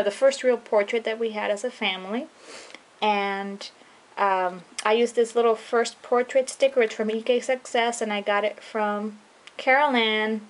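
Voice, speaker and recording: A young woman casually walking through her handmade scrapbook album, chatty and relaxed, with frequent ums and trailing-off phrases. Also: on the high side. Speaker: scrapbooking vlogger. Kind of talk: casual show-and-tell walkthrough.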